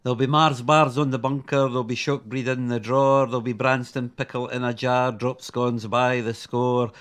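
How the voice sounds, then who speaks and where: A man's voice: medium pitch, little pitch movement, normal speed, a bit bright. Scottish guy belting out a funny dialect poem, rhythmic, strong accent. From Scotland. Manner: broad dialect, rhythmic, punchy delivery. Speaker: comedy entertainer, guest. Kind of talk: recited dialect comic poem.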